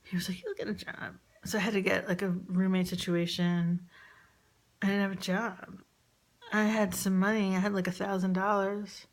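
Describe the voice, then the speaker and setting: A woman recounts a personal story in a quiet, confessional way. She halts often and restarts her sentences. Her voice carries a gravelly fry, and her pitch stays flat and even. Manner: halting, many fillers and restarts.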